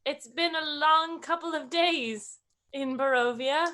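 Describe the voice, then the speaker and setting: Woman player, high and unhurried, earnest and motherly in character. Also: bright, forceful tone. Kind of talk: playing a tabletop game.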